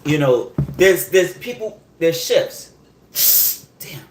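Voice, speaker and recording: A man hosting a podcast, telling a story in a heated, animated rant full of profanity and repeated check-ins with the listener. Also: on the high side, slow, slight background noise. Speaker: podcast host. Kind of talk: casual storytelling monologue. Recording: roomy echo.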